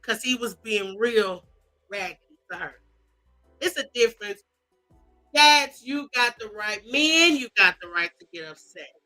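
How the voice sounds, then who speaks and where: Sassy animated woman reading celebrity posts. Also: a little high, unhurried, soft background music, poor audio. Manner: animated, sassy, mock-crying, drawling asides. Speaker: commentary host.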